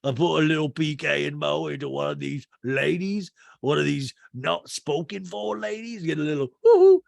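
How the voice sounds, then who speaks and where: A man voicing a pompous, lewd older man, with a drawn-out, leering delivery. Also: a little high, animated, creaky, a little mellow, no echo, studio quality, pitched above the performer's own voice.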